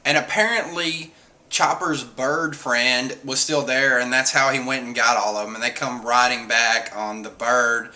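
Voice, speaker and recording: A man's voice: medium pitch, unhurried, pushed and bright. A man reviewing a comic chapter in a casual, chatty, amused retelling. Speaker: manga reviewer.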